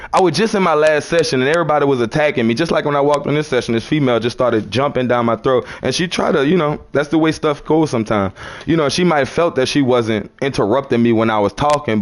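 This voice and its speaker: A New Orleans man with a local accent preaches casually on a live stream, repeating himself and calling listeners son and brother. His voice is a little high.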